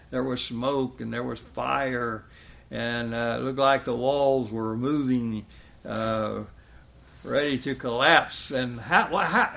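A man's voice: medium pitch, vocal fry, a bit bright. A man preaching a sermon in a folksy way, chuckling often and quoting scripture with rising emphasis.

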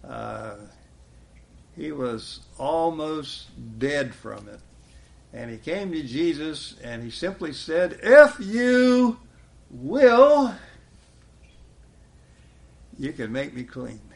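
A man's voice: mid-range voice, slow pace, gravelly. A man preaching a sermon in a folksy way, chuckling often and quoting scripture with rising emphasis.

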